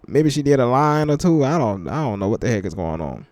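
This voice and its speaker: A young man giving casual reaction commentary in relaxed slang, slowing down when he reads verses aloud. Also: mid-range voice, no room sound. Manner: laid-back slangy banter, reads scripture slowly. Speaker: commentary channel host. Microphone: headphones with mic.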